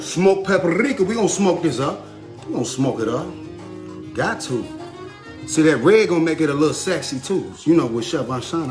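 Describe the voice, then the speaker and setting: A man hosting a casual cooking demonstration in a home kitchen, lively and chatty, often laughing and repeating a catchphrase. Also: fairly high pitch. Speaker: home cook and video host. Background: music playing under the voice.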